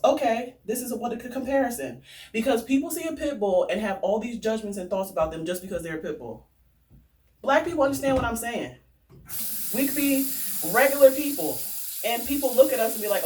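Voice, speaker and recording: A woman vlogger telling stories and ranting in a casual, animated way, swearing freely. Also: on the high side, brisk, recorded from a distance, slight background noise. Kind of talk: casual storytelling rant.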